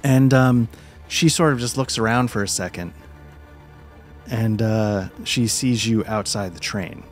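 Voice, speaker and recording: A man running a tabletop role-playing game as game master, calmly describing scenes with frequent fillers. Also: on the low side, a little slow, soft background music. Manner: calm descriptive narration with many fillers.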